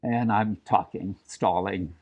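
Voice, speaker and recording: An older man from New Mexico, telling personal family stories at a community event in an earnest, reflective way, pausing and restarting as he speaks. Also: deep voice. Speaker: storyteller. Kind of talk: personal storytelling talk.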